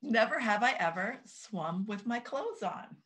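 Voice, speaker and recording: A woman's voice: fairly high pitch, animated, a little slow, fairly bright tone. A woman co-hosting a podcast in casual chat, talkative and self-deprecating, often restarting her sentences. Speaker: podcast co-host.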